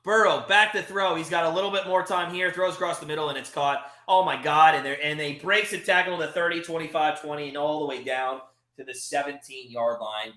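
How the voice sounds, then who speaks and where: A man with a fairly high voice delivers brisk play-by-play at a live watch party, the audio reverberant. He is a frustrated fan, animated and veering from calm calls of the action to exasperated outbursts.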